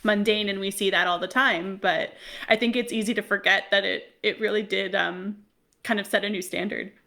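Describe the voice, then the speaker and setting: A woman's voice: mid-range voice, steady tone, normal speed, vocal fry, bright, forceful tone. A woman co-hosting a podcast, chatting casually with giggles and rambling stories. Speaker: podcast co-host. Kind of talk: casual chat.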